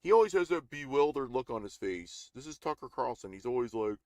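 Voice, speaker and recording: A man's voice: mid-range voice, animated, brisk, a little mellow, dry recording, studio quality. A middle-aged man ranting in a casual political live stream, rambling and indignant with many restarts.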